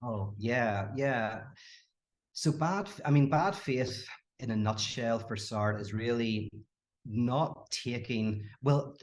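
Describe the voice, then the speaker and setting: This is a male philosopher guest on a casual podcast chat. He's lively, breaks into laughter often, and keeps restarting sentences, all in a mid-range voice at a slow, easy pace.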